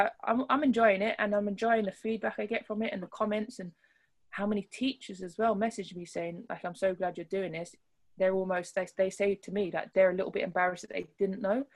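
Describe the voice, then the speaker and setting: Earnest woman rugby player in interview. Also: lowish voice. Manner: earnest, thoughtful, frequent restarts. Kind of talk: interview conversation.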